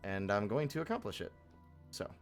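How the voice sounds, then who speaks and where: A man's voice: fairly low pitch, big pitch swings, a little fast, faint music behind. A young man live-streaming a game, talking casually and frankly, grumbling and swearing freely.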